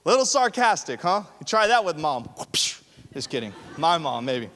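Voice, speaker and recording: A young man preaching with a high, lively voice that rings through a large hall with a long reverb. He keeps things animated, breaking into joking asides and rhetorical questions, and acts out the people he quotes. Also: normal speed, a little hiss or hum. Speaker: young adult ministry pastor. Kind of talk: sermon.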